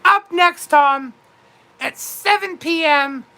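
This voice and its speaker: A woman hams it up heavily as a boozy, gushing duchess on her comedic livestream, reading chat slowly and grandly and calling everyone darling. Her fake British accent comes in a high, sparkling voice with a bright, forceful tone.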